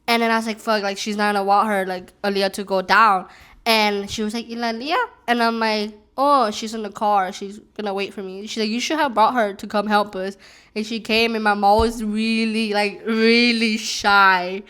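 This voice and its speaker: A woman's voice: mid-range voice, little pitch movement, normal speed, fairly bright tone, clean tone. Rambling young woman telling a story. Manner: rambling, many "like"s and restarts. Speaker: vlogger. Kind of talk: casual storytelling while eating.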